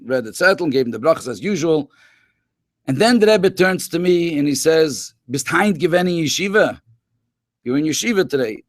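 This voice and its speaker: Rabbi guy telling the kids stories, chatty, lots of yiddish and hebrew words, kinda high voice, dry sound. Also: no echo. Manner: conversational, peppered with Hebrew and Yiddish terms. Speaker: rabbi and educator. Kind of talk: storytelling talk to schoolchildren in a webinar.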